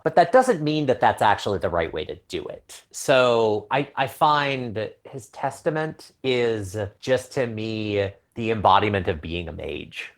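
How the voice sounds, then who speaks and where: A man with a fairly low voice co-hosting a podcast. He talks through his ideas in a thoughtful, analytical way during a casual chat. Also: lively intonation, takes it slowly, hardly any pauses. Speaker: podcast co-host.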